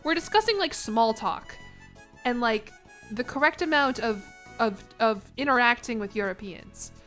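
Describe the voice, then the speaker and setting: Young american girl streaming, rambling chatty talk, bright voice, a bit high, faint music behind. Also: expressive, normal speed. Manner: chatty, rambling, self-conscious. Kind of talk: casual chat with a live chat.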